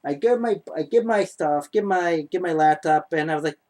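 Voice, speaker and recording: A man's voice: fairly high pitch, moderate pace, darkish tone. A man telling a personal story to the camera in a rambling, profane way, full of "like.". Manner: rambling, profane, heavy use of "like". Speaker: vlogger.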